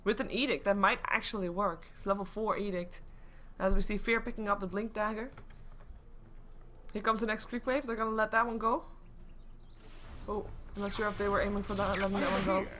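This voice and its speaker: A woman's voice: mid-range voice, fairly even intonation, fairly quick, a bit bright. A young woman doing solo live esports commentary, chatty and joking with her stream chat between play calls. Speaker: esports caster.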